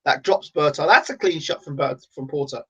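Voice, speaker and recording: A man giving live fight commentary on his own channel, exasperated and ranting, now and then breaking into excited shouting. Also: fairly high pitch, brisk, slightly rough, lo-fi sound.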